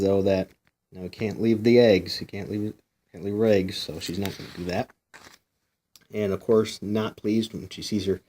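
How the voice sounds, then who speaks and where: Brief: lower-pitched male comic reviewer, loose and chatty, full of "you know"s, talks straight to his viewers. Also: mellow. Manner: asks viewers questions directly. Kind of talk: casual review commentary.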